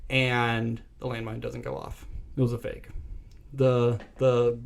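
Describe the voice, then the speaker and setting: A man hosting a podcast, casually recapping a film's plot with animated storytelling, swearing and acting out quoted lines. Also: mid-range voice, slow pace, gravelly. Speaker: podcast host.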